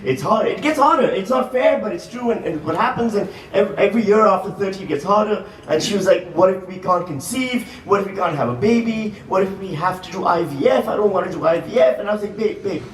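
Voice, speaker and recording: A man, performing a stand-up comedy set with quick shifts into acted-out quotes. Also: sits high, lively intonation, a little hiss or hum. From Pakistan. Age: 40s. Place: museum hall, live audience. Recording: roomy live hall, mic heard from a distance, loud crowd laughter.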